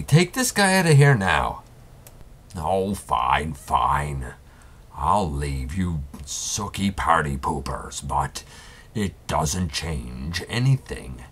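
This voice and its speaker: A man's voice: very deep voice, fairly bright tone, breathy edge, exaggerated voice. A man voicing a pompous, scheming male robot warlord who talks in an over-dramatic, grandiose way for a stop-motion comedy.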